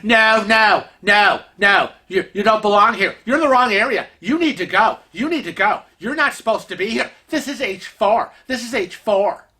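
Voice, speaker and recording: A man's voice: high voice, expressive, moderate pace, few pauses, sharp tone, voice pushed up. A man voicing a pushy, bossy middle-aged woman passenger who insistently scolds and repeats herself. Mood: scolding.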